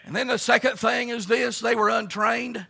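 High, gravelly shouting preacher. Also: male voice, fairly even intonation, normal speed. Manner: fervent, folksy storytelling with frequent "uh" and "let me tell you something". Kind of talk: shouted revival sermon. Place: camp meeting service.

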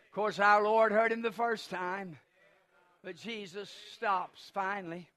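High bright-voiced preacher, shouting. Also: male voice, steady tone, measured pace. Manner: impassioned, swelling into shouts. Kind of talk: sermon.

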